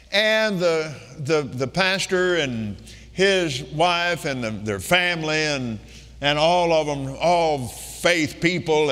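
An older man tells a story to a crowd as part of a sermon, quoting lines that build into emphatic declarations. His voice is high and rings brightly, echoing with the long reverb of a large meeting hall.

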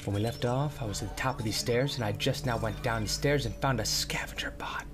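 A man giving jokey, excitable let's play commentary and talking back to the game as he plays. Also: mid-range voice, brisk, over music. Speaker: gamer.

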